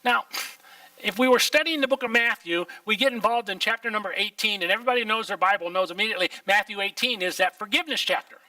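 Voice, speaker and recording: Folksy older pastor, high bright voice. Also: male voice, fast talker, no room sound, far from the mic, rough recording. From Oklahoma, USA. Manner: folksy, plain-spoken, full of rhetorical questions. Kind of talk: sermon. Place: church sanctuary.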